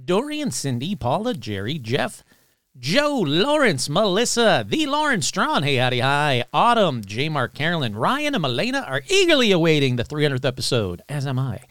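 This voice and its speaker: A man hosting a paranormal podcast in a casual, chatty way, reading shout-outs and joking with himself. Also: on the high side, moderate pace, no echo, studio quality. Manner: chatty, animated, talks to himself. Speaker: podcast host.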